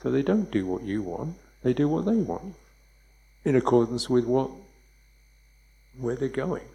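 A man giving a dharma talk as a meditation teacher, speaking in a relaxed, conversational way and chuckling often. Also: medium pitch, a little slow, vocal fry, poor audio.

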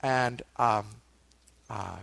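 A man giving a meditation dharma talk, a relaxed storyteller who adds asides to his listeners. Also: medium pitch, drawn-out words, creaky, no echo. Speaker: meditation teacher.

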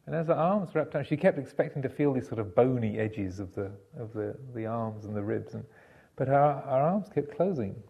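A man giving a Buddhist dharma talk, telling a story in a halting way with many fillers and restarts. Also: mid-range voice, lively intonation, gravelly, husky, muffled recording. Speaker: Buddhist monk teacher.

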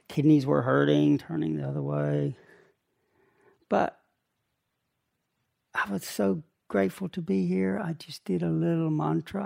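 Older male meditation teacher, unhurried delivery, gravelly voice, fairly high pitch. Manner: slow, gentle, pausing between short phrases. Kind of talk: guided meditation talk.

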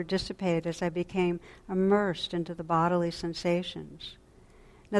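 Woman meditation teacher, lowish voice, gentle reflective dharma talk, soft hushed drops, halting restarts. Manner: pauses and restarts mid-sentence.

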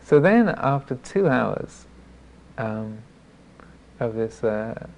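Gravelly-voiced monk giving a dharma talk. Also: male voice, medium pitch, lively intonation. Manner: self-deprecating storytelling; halting, with frequent restarts. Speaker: Buddhist monk teacher.

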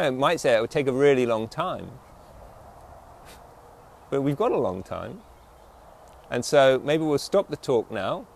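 Male meditation teacher, mid pitch, very animated intonation; reflective dharma-talk delivery that keeps checking in with "yeah?". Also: creaky, a little hiss or hum.

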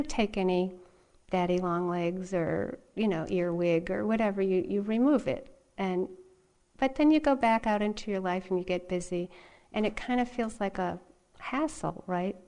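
A middle-aged woman meditation teacher giving a dharma talk, telling a personal story in a soft, unhurried way and laughing often. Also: on the low side.

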